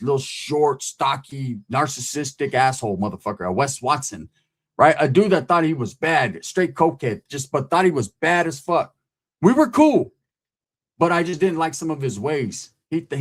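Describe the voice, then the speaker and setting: A middle-aged man from California telling a profane story in casual talk, often checking in with "right?". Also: medium pitch. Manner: profane, animated, keeps asking "right?".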